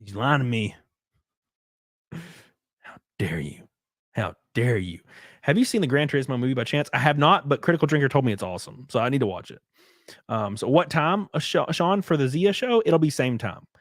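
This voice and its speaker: A man's voice: a little high, expressive, fast, no room sound, clean studio sound. A man hosting a casual livestream, crude, joking and rambling. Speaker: livestream host.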